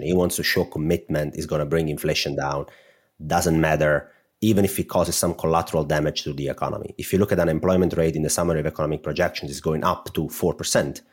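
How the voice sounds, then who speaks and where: A man's voice: extremely low pitch, breathy edge. A man with an Italian accent, co-hosting a finance podcast in a chatty, teasing way. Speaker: podcast co-host. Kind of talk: casual finance chat.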